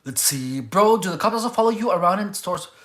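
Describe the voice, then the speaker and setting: A livestream host talking casually and answering viewers' chat, rambling and halting, restarting sentences and searching for words. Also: mid-range voice, expressive, a bit bright, roomy sound.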